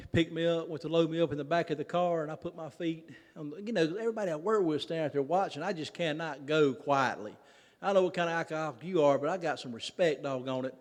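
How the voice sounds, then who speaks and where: A man with a Mississippi Southern accent telling a folksy, self-mocking story to a recovery convention and acting out the people he quotes. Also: fairly high pitch. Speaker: recovery meeting speaker. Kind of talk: humorous personal story told to a convention audience. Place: large convention hall. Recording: long reverb of a convention hall.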